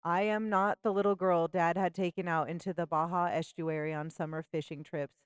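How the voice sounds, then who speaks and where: Female memoir narrator, lowish voice, wry and intimate, dry close-miked booth read. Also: fairly even intonation, moderate pace, clean tone, no echo. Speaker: audiobook narrator and author. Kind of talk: first-person memoir narration.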